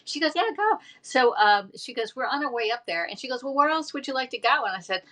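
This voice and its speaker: A woman hosts a casual livestream from home, rambling through a story packed with fillers. Her voice is a little high and fairly bright, and she talks quickly.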